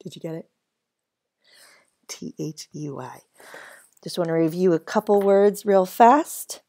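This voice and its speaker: Woman teacher doing a kids phonics lesson, spells stuff out real slow, kinda gravelly voice. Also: lowish voice, dark tone. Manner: slow, spells words letter by letter; encouraging. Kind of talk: phonics lesson for young children.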